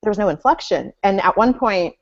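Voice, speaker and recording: A woman's voice: mid-range voice, lively intonation, fairly quick, highs cut off. A woman co-hosting a casual fan chat, talking at length with lots of fillers and restarts. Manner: chatty, hedging with fillers. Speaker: podcast co-host.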